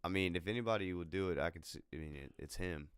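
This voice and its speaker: A man's voice: low voice, fast talker, clear, resonant tone, no room sound, studio quality. A man co-hosting a casual podcast in a laid-back way, calling his friend "dude". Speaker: podcast co-host. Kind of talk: casual chat.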